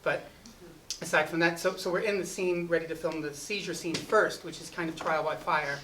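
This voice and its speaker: A man's voice: fairly high pitch, steady tone, moderate pace, bright, forceful tone, recorded from a distance, poor audio. A man spins a loose, rambling story about his film shoot, peppering every sentence with filler and restarting his thoughts. He sounds set back from the mic, with a faint wash of ambient noise behind him. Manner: rambling, full of "you know" and restarts. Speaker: film director speaking at a festival. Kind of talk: casual anecdote storytelling. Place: festival event.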